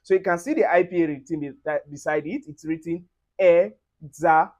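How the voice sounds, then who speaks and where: Male French tutor, slow careful repetition in a pronunciation lesson. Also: fairly high pitch, a little mellow.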